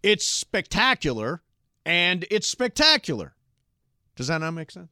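A man's voice: high voice, big pitch swings, unhurried, bright, forceful tone, clean tone, dry recording, clean studio sound. A man co-hosting a casual podcast, bantering and arguing his points. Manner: chatty, argumentative banter. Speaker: podcast co-host. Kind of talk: casual sports podcast chat.

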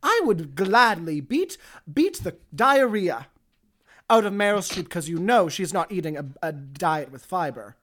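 A man's voice: high-pitched, very animated, unhurried, a bit bright, full character voice. Man playing a vain, swooping old lady chef. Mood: scornful. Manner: theatrical, swooping, insulting. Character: grandiose older female celebrity chef, vain and vicious. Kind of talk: improvised comedy podcast impression.

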